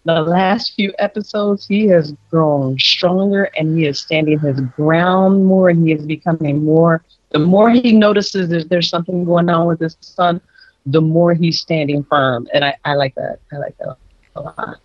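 A man's voice: a little high, normal speed, dry recording, muffled recording. A man co-hosting a casual podcast, giving earnest opinions about a TV show. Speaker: podcast co-host. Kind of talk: casual recap chat.

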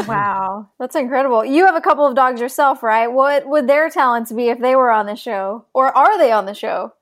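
A woman with a fairly high voice who co-hosts an interview. She asks her questions with eager interest. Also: animated, moderate pace. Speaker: co-host.

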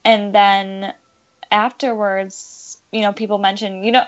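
A woman in casual podcast chat, gushing and emotional, with "um" fillers and soft laughs. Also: medium pitch, flat delivery, measured pace, dull audio. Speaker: podcast co-host discussing a TV show.

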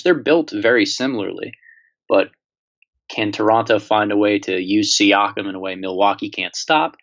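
A man co-hosting a casual sports podcast, talking through basketball in a measured, analytical way. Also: on the low side, fairly bright tone. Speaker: podcast co-host. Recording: slightly dull lo-fi audio.

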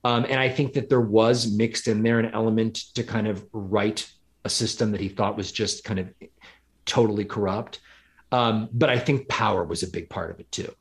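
A man's voice: fairly low pitch, fairly even intonation, normal speed. A middle-aged man telling a crime story as an interview guest, with lots of restarts and fillers along the way. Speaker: podcast guest, author of true crime reporting. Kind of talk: conversational interview. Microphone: podcast microphone.

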